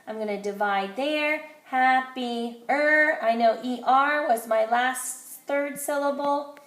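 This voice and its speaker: A woman teacher giving a phonics lesson to young children, slowly and clearly sounding out letters and syllables. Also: high voice, fairly bright tone, reverberant.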